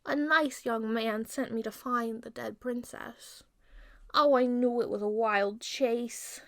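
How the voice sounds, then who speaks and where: A woman voicing the wicked queen disguised as a frail old woman, speaking in a soft, breathy, half-whispered way. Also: a little high, measured pace, no room sound, clean studio sound. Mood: sly, pitiful.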